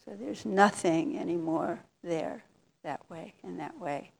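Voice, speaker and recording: An older woman giving a reflective talk as a meditation teacher, telling a personal story candidly and with soft laughs. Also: fairly low pitch, a little slow, gravelly, husky.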